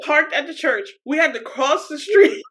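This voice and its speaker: Woman co-host, high voice, animated storyteller who keeps breaking into tearful laughter. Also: unhurried. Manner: laughs through her story, giggly and animated. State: crying with laughter. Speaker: podcast co-host. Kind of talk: casual chat, storytelling.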